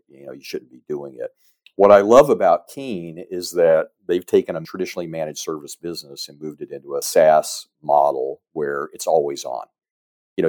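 A middle-aged man, a business advisor, giving a measured, explanatory answer as a guest on a podcast interview. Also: very deep voice, a little mellow. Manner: measured, explanatory, frequent "you know" fillers.

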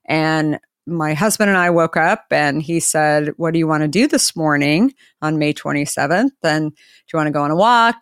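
A woman who founded a company, telling an anecdote as an interview guest and acting out the quoted dialogue with lively shifts of voice. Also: sits low, dry recording, studio quality. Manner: animated, acts out quoted dialogue. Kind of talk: anecdotal storytelling in conversation.

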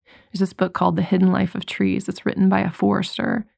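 A woman giving an earnest, conversational faith talk, mixing scripture with personal stories and getting animated when she acts out her own thoughts. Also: mid-range voice, fairly quick, vocal fry, no echo, studio quality. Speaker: Christian speaker.

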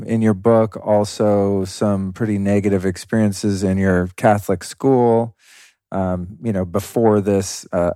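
A man's voice: fairly low pitch, warm tone, dry recording, studio quality. A man hosting a podcast interview, asking thoughtful questions and searching for words. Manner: thoughtful, searching, many fillers. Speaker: podcast host. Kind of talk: interview conversation.

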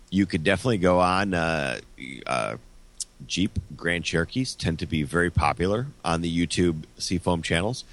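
A man's voice: deep voice, a bit bright. A man who is a car repair guest on a podcast, explaining a fix step by step in casual chat.

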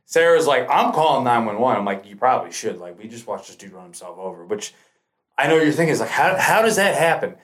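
A man, a podcast guest telling a long story casually, with lots of swearing and acted-out quotes. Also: mid-range voice. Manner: profane, animated, acts out quoted lines.

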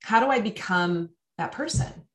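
A woman's voice: mid-range voice, lively intonation, moderate pace, a bit bright. A woman hosting a podcast, enthusiastically recapping her guest's points for listeners. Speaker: podcast host. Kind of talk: conversational interview.

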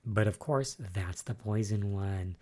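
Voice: low-pitched, measured pace. A podcast host recapping soap episodes in a casual solo chat, rambling and musing aloud with lots of fillers. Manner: excitable and spoiler-wary.

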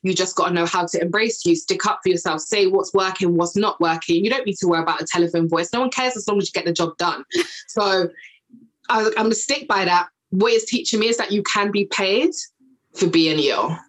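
A woman in her thirties, chatting casually as a podcast guest, animated and often acting out past conversations in a higher voice. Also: fairly quick, poor audio. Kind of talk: casual chat.

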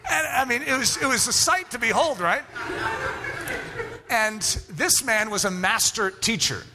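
A man telling a personal story in a sermon, animated and acting out both sides of remembered conversations. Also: very high-pitched, unhurried, background noise.

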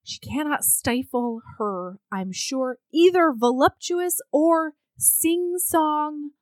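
Woman retelling a book plot, slow and blunt, crude jokes, dry close sound. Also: high voice, no room sound. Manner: blunt, crude, animated storyteller. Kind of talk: casual chat recapping a book.

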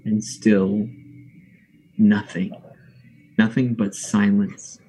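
A man narrating a tabletop role-playing game as game master, in a slow, laid-back way. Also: fairly low pitch, little pitch movement, dark tone, slight background noise, low-quality recording.

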